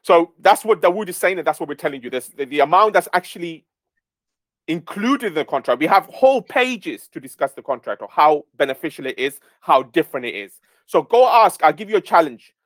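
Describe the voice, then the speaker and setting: A man's voice: on the high side, lively intonation, brisk, fairly bright tone, no room sound. A man leading a community Q&A who talks emphatically and often checks in with "okay?". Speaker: project lead hosting a community Q&A. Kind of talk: casual live-stream talk.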